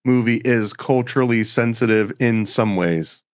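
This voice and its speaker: A man with a mid-range voice trades dry, deadpan quips on a podcast. He sounds close and dry, with no room around him. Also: mid-range voice, normal speed, clear, resonant tone, no echo. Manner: wry, deadpan jokes. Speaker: podcast co-host. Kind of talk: casual chat.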